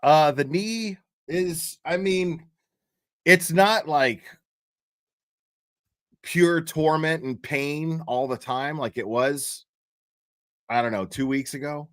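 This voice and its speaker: A man's voice: on the high side, slow pace, long pauses, fairly bright tone, no room sound, studio quality. A man casually chatting with his stream viewers, swearing often and laughing at his own jokes. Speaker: streamer talking to chat. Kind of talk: casual livestream chat.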